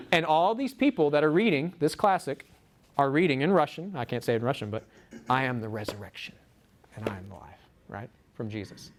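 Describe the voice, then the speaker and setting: A man giving a lecture to a small group, animated, acting out quotes from the book. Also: mid-range voice, moderate pace, a little hiss or hum. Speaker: speaker. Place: room with a small audience. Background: audience laughter.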